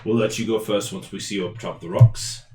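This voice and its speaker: A man running a tabletop game as game master, relaxed, laughing often and restarting his sentences. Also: lowish voice, fairly quick, a little hiss or hum. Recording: echoey room with background music.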